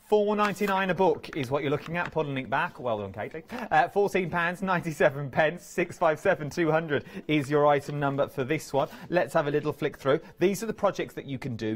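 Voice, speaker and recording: A man presenting crafts on a live TV shopping channel, chatty and playful. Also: on the high side. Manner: chatty, playful, lively banter. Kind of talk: live TV sales chat. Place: TV studio.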